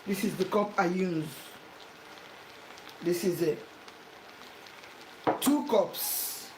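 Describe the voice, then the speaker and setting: Speaking very slowly in a lowish voice, a home cook demonstrates a recipe in her kitchen and guides the viewer step by step, going over the instructions repeatedly. The room echoes and food sizzles in the pan.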